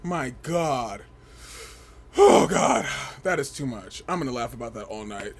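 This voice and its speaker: A young man hosting a casual livestream, gossiping and reading chat in an animated way, often laughing and breaking into shrieks. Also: mid-range voice, measured pace. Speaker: livestream host.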